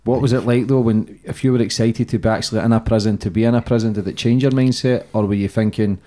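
A man's voice: on the low side, fast. A man hosting a podcast, prompting his guest with short questions. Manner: short prompting questions and steady back-channel. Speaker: podcast host. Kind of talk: interviewing a guest.

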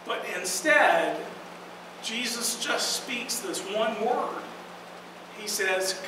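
A woman pastor preaching a sermon in a church, earnest and emphatic, with slow dramatic pauses. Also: medium pitch, lively intonation. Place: church sanctuary. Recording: echoey hall from far off, noisy.

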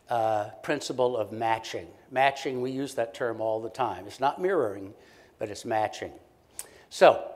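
Man giving a lively conference keynote. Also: mid-range voice. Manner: conversational, animated, acts out short quoted exchanges. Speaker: keynote speaker, professor. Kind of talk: conference lecture.

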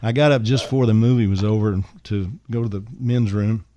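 Older guy telling a rambling story on the radio, lowish mellow voice, lots of uh and man. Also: fairly even intonation, a little fast, no room sound. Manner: easygoing, rambling, full of "uh" and "man". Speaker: songwriter and guest. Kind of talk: storytelling anecdote on a radio show. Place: radio studio.

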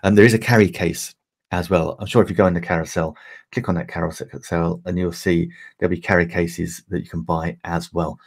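A man's voice: low voice, vocal fry, a little mellow, husky. A middle-aged English man chatting casually on a livestream, rambling with many fillers and restarts. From England. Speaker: livestream host.

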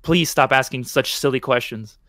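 Calm, condescending male killer in a spoken horror story, read plainly by a man; mid-pitched, dry close sound. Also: normal speed, no room sound, close to an everyday voice. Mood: cold calm.

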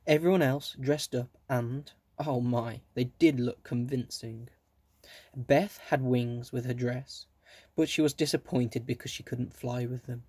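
A man reading a children's book aloud, gently, with small asides to his listeners. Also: medium pitch, fairly even intonation, a little slow, breathy edge, no echo. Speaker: reader.

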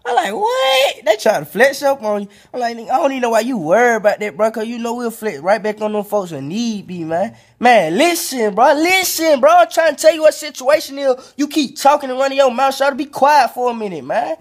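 A young man with an Atlanta accent rambles through a comic story, loose and slangy. His voice runs noticeably high for a man. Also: expressive, fairly quick, few pauses. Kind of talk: comedic storytelling skit.

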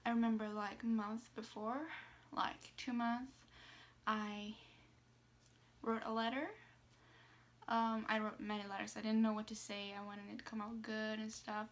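Hesitant young woman, flat higher voice. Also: unhurried. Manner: hesitant, many fillers and restarts, soft asides. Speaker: vlogger. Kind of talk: casual personal storytelling.

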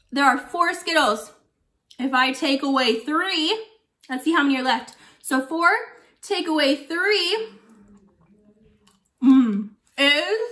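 A woman's voice: high-pitched, fairly bright tone. A woman playing a forgetful old lady teacher. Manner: chatty, chewing candy while talking. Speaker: guest teacher for a kindergarten class. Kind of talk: playful video lesson for young children.

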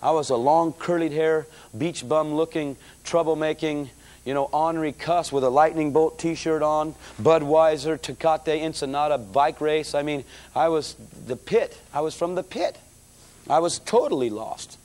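Middle-aged male preacher, slightly high voice, tells his testimony to the folks. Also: moderate pace, a little mellow. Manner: storytelling, acts out voices in his story; addresses audience as folks. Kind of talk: testimony sermon.

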